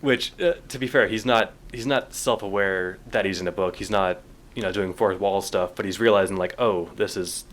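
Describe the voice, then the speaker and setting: A man's voice: deep voice, normal speed, a little hiss or hum. A man co-hosting a casual podcast, discussing a novel and reading passages aloud, chuckling often. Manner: reads passages aloud with lively quoted voices, chuckles often. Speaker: podcast co-host.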